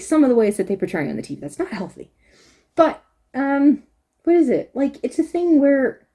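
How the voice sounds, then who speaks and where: A woman with a mellow, slightly high voice talks through a review in a loose, rambling way, leaning hard on repeated words. She sounds close to tears as she speaks. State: tearful, close to crying. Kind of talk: casual spoken review.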